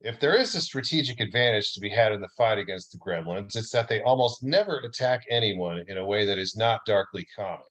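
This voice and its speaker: A man reading his mock-documentary story aloud in a deadpan way. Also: lowish voice, a little fast, hardly any pauses, low-quality recording. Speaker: reader.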